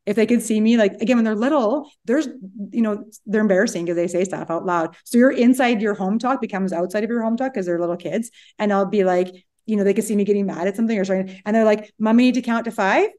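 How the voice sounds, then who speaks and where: A woman in her forties, a psychologist co-hosting a chat podcast, telling stories quickly and acting out what people said. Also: mid-range voice. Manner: quick animated storytelling, acts out quotes. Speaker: podcast co-host, relationship psychologist. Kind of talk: casual chat.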